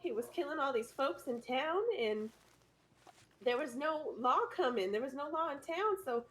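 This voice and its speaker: A woman roleplaying a grieving character, speaking in halting, stammering, put-on tearful bursts. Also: sits high, lively intonation, a bit bright, slight background noise, poor audio. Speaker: roleplay player mourning her horse in-game.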